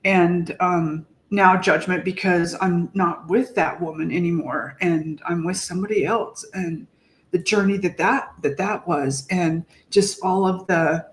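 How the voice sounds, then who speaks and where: A woman's voice: fairly low pitch, fairly even intonation. Reflective woman in an echoey room. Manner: reflective, halting, searching for words. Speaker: podcast co-host. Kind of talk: casual heartfelt conversation.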